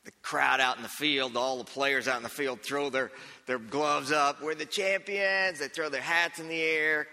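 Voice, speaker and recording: Bright-voiced man telling a sermon story. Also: mid-range voice, moderate pace, big-room sound. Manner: animated, acts out the scene, many restarts.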